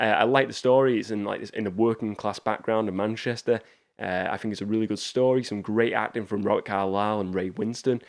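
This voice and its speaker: Chatty man, lowish voice. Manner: chatty, rambling recommendations. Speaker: movie channel host. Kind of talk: casual movie review talk.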